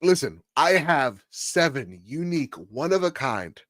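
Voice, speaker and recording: A man's voice: fairly high pitch, big pitch swings, unhurried, a bit bright, no room sound, clean studio sound. A man co-hosting a gaming podcast, jokey and rambling in casual chat. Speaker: podcast co-host.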